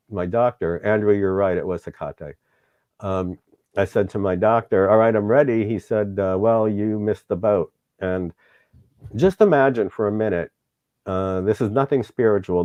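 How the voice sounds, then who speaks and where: Low, dark-voiced man telling a story. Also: no echo, muffled recording. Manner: candid, emotional storyteller, acts out quoted dialogue. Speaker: show host being interviewed. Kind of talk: storytelling interview.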